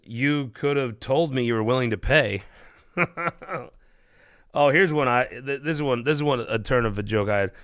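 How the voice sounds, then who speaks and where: A man's voice: medium pitch, moderate pace, pauses often, a bit bright. A man hosting a political talk show, telling jokes and chatting in a rambling, irreverent way. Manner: irreverent, rambling, laughs at his own jokes. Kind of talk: casual joke-telling chat.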